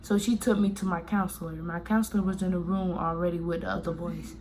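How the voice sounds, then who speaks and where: A woman's voice: on the low side, steady tone, brisk, a little mellow. A woman from Miami telling a personal story in a casual, rambling way, full of fillers and restarts. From Miami, Florida.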